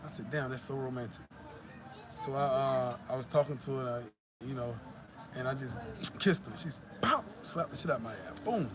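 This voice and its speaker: A man's voice: medium pitch, normal speed. Tired, profane man vlogging outdoors. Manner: loose, profane, storytelling. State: tired after the gym. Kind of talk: casual vlog talk. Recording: loud traffic and street noise.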